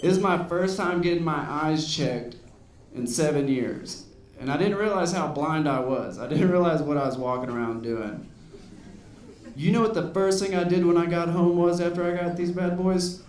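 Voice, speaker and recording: On a comedy club stage, a man in his thirties delivers a relaxed, rambling stand-up set peppered with "you know." He speaks at a moderate pace in a slightly high, darkish voice, captured by a distant mic in a roomy recording with slight background noise and crowd laughter.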